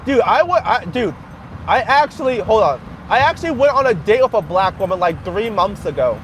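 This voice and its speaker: A man's voice: high-pitched, sing-song, moderate pace, a bit bright, a little hiss or hum. A man live-streaming from his car as he drives, chatting casually in a rambling way and laughing often. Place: in a car while driving.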